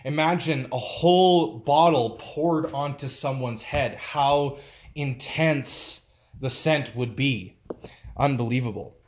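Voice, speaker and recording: A pastor delivers a conversational sermon in a medium-pitched voice. He's informal and emphatic, frequently pausing as he searches for the right words.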